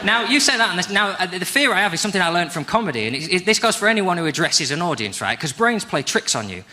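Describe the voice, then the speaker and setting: A man in his thirties with a Northern English accent, doing a self-deprecating stand-up routine with wry, quick asides. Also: high-pitched, sing-song, sharp tone. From England. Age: 30s. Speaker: stand-up comedian. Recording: noisy live stage recording. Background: audience laughter.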